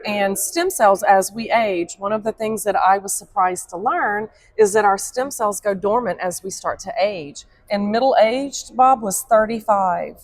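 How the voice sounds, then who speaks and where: A woman explaining her company's products in an upbeat, explanatory sales pitch during an interview. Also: a little slow, few pauses, no room sound. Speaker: company representative.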